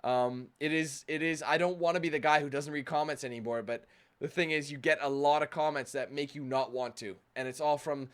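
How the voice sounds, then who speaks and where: A young man hosting a YouTube gaming channel rants casually to camera, rambling with many restarts and "you know what I mean," and mimicking his viewers in exaggerated voices. His voice is a little high and fairly bright, fairly quick, with fairly even intonation.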